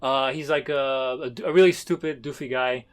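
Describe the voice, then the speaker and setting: A man's voice: mid-range voice, steady tone, normal speed, smooth. A man co-hosting a podcast in casual chat, rambling and stop-start with emphatic bursts. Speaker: podcast co-host.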